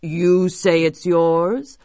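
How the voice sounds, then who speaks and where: A woman voicing a huge, fierce male goblin from folklore, speaking gruffly, slowly and stubbornly. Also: on the low side, steady tone, warm tone, no echo, clean studio sound.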